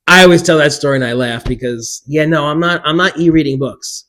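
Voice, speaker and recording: A man chatting to camera about books while alone in a room, animated and self-mocking, breaking into bursts of loud laughter. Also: fairly high pitch, fairly quick. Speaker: book vlogger. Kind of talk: casual chat to camera.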